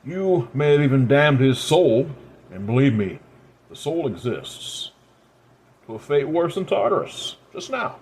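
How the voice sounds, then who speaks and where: A man's voice: medium pitch, big pitch swings, unhurried, darkish tone, pitched above the performer's own voice. A man voicing a stern ancient woman. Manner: commanding, scolding. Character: ancient immortal red-haired woman, stern and proud.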